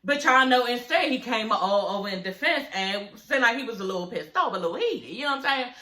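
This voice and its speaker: A young woman recaps a reality show episode, swearing freely and calling out to her viewers. Her voice is bright and sits a little high. The recording has a roomy echo. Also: brisk. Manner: animated, profane, talks straight to viewers as y'all.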